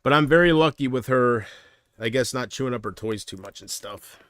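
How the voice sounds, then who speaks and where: A man's voice: mid-range voice, fairly quick, a bit bright, no echo. A man chatting casually on a livestream, rambling and answering viewer comments.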